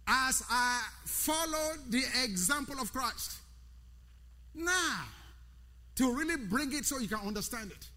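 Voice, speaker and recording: High-voiced emphatic male preacher. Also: pushed and bright. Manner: emphatic, repeats key words and chants rhythmically; calls out to the congregation by name. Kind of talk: sermon. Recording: long hall reverb.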